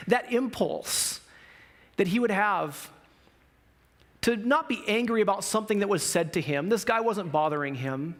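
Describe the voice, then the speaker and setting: Man, pastor, high pitched voice, casual sermon, lively storytelling. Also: moderate pace. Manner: casual, animated storyteller acting out quotes. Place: church.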